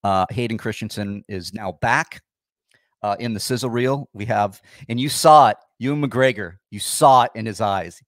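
A fairly low-voiced man talks casually on his livestream, sarcastic and a little grumpy as he answers viewers. The sound is dry and close, with no room around it. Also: moderate pace, fairly bright tone, dry recording. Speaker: livestream host.

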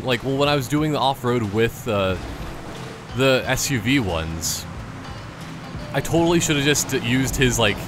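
A man chatting over a driving game, his pitch bouncing all over as he wanders off on jokey tangents. His voice sits at an ordinary middle pitch, with game music playing behind him. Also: expressive, measured pace, long pauses. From Canada. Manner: rambling, joking asides and tangents. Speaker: gameplay commentator. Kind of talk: casual let's-play commentary.

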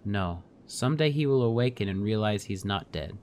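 A man voicing a calm, wise mystic woman. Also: on the low side, normal speed, a little hiss or hum, close to an everyday voice. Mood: earnest.

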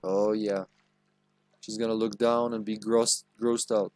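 A man's voice: fairly low pitch, flat delivery, unhurried, darkish tone, dry recording. Joking man streaming a game. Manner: joking, crude, talks back to the game. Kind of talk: live gameplay commentary.

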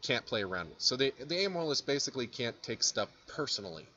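A man's voice: mid-range voice, big pitch swings, fast talker, sharp tone, lo-fi sound. A young man, a philosophy lecturer, giving a casual recorded lecture, chatty and self-deprecating, acting out examples as he goes.

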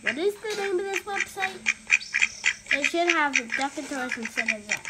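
A woman vlogger giving casual commentary as she browses websites, excitable and quick to gasp and exclaim at what she sees. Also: high-pitched, very noisy. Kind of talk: casual screen-recording commentary. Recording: music clearly audible behind voice.

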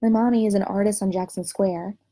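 Woman Spanish teacher from New Orleans, husky mellow voice with some fry, chatty and emphatic on a live stream. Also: medium pitch, fairly quick. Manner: animated, emphatic storytelling. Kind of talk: casual live-stream chat.

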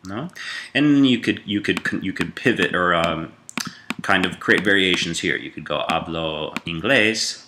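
A man's voice: low voice, animated, measured pace, background noise. A man giving a casual grammar lesson, talking loosely with fillers and self-corrections. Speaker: Spanish teacher.

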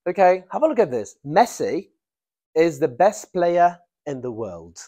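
A man's voice: a little high, sing-song, unhurried, mellow. A man teaching an English grammar class, repeating phrases, laughing and checking that students follow. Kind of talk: live classroom grammar lesson.

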